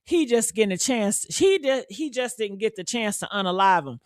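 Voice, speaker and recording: A woman hosting a reaction channel, talking in a heated, brash and profane way, calling her listeners honey and letting out loud whoops. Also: medium pitch, normal speed, no echo, studio quality. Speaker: commentary channel host.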